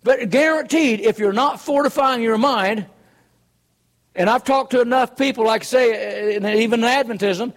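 A man's voice: very high voice, normal speed. A man preaching a sermon in an earnest, conversational way, full of rhetorical questions.

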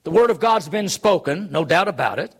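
Guy with a pretty high voice giving an earnest emphatic sermon, keeps throwing out questions. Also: expressive, brisk, slightly rough. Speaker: preacher.

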